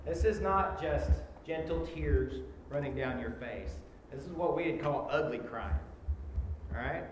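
Man, pastor, sermon, impassioned, slightly high voice, very echoey hall. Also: measured pace. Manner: impassioned, swells loud on quoted laments. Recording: echoey church hall with background noise.

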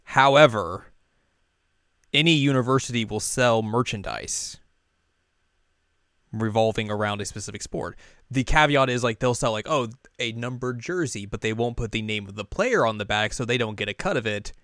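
A young man co-hosting a casual podcast, recapping an anime in a rambling, animated way and now and then jumping into high character voices. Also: moderate pace, no room sound, studio quality. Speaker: podcast co-host.

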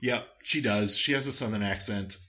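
Wry, bright-voiced man riffing casually. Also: on the low side, moderate pace. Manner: wry, rambling, sweary. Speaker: podcast co-host. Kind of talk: casual chat recapping a TV show.

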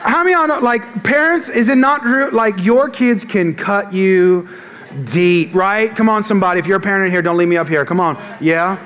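A middle-aged male pastor delivers a sermon in a high voice at normal speed, joking, storytelling and calling out to his congregation in an animated manner.

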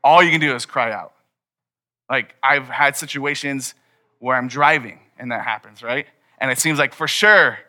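A man's voice: medium pitch, pushed and bright. A young man preaching a sermon to his congregation in a casual, conversational way. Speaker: pastor. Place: church hall before a congregation.

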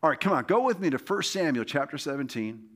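A man's voice: on the high side, lively intonation, fast, a bit bright. A man preaching a sermon as pastor, impassioned and exhorting, often urging his listeners on. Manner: impassioned, exhorting, repeats "come on" and "all right".

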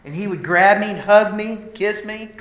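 A man preaching a sermon, telling a personal story with emotion that swells and drops to near a hush. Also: sits high, moderate pace, echoey room, a little hiss or hum. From Idaho, USA. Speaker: speaker at a men's gathering.

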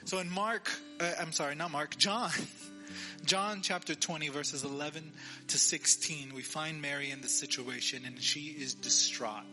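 A man's voice: a little high, measured pace, sharp tone, soft background music. A man preaching a sermon as pastor, telling a story and acting out the quoted lines, asking listeners to repeat after him. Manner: asks the audience to repeat.

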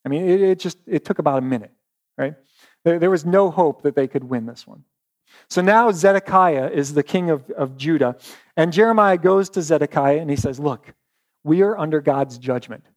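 A man preaching a sermon in an animated, conversational storytelling manner, often restarting his words. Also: on the high side, moderate pace. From West Virginia. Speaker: pastor.

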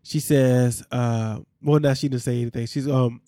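A man's voice: medium pitch, steady tone, normal speed, warm tone, no room sound, studio quality. A man hosting a podcast, recapping reality TV in a candid, slangy way with asides to his listeners. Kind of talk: casual chat.

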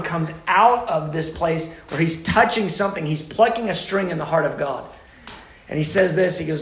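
Passionate preacher man, fairly high voice. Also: normal speed, echoey room. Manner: passionate, swings from loud urgent pleading to hushed intimate tones. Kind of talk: teaching sermon.

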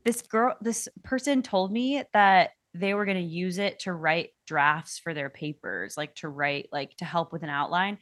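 A woman co-hosting a podcast, talking in an earnest, quick way and cutting herself off. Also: on the low side, fairly bright tone, dry recording, clean studio sound. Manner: quick, earnest, self-interrupting. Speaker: podcast co-host. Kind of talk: casual chat.

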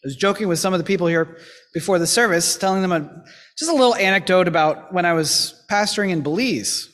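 Male pastor, high voice, earnest exhortation in a sermon, long church reverb. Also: fast talker, fairly bright tone. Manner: earnest, exhorting, with lightly humorous asides. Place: church sanctuary.

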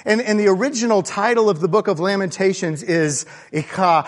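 A man preaching a sermon in a conversational, animated way, moving between hushed asides and excited bursts. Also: high voice, fairly quick, few pauses. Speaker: pastor. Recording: long reverb of a large hall.

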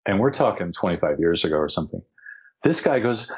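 A man's voice: low-pitched, brisk, slightly rough, highs cut off. A man casually telling a story about his acting career, acting out the other people's lines. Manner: animated, acts out quotes of others.

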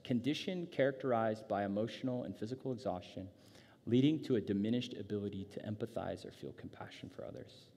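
A man preaching a sermon in a casual, conversational way, acting out characters with playful sarcasm. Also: medium pitch. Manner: casual, animated, acts out disciples with sarcasm. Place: church gathering space. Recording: reverberant hall sound.

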